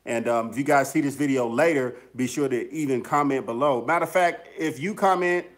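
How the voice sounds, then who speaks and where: A man's voice: mid-range voice, brisk. A man casually hosting a livestream, upbeat and chatty, greeting viewers by name and rambling with fillers. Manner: upbeat, chatty, lots of shout-outs and fillers. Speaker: music producer and YouTuber hosting a livestream. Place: home studio in the mountains.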